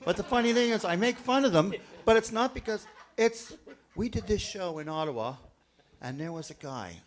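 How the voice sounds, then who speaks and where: Man, Canadian, band member, jokey storyteller, lively pitch, slightly high. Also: normal speed. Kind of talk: casual storytelling in an interview.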